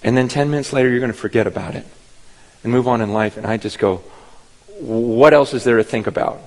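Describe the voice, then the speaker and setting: A man's voice: medium pitch, fairly quick. A man preaching a sermon with passion, often stammering and repeating words and acting out the voices he quotes. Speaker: pastor. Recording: long hall reverb.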